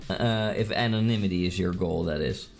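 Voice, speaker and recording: A fairly low-voiced man with a gravelly, slightly worn edge to his voice chats casually on a live stream. He reads out messages and teases viewers in a playful, mock-menacing way. Faint music sits behind him. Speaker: streamer reading chat.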